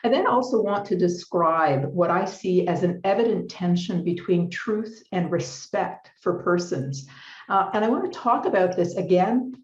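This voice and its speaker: A middle-aged woman giving a formal lecture with slides at a conference, speaking in a measured, deliberate way and stressing key words. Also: lowish voice, darkish tone. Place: conference hall. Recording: roomy, slightly muffled hall recording.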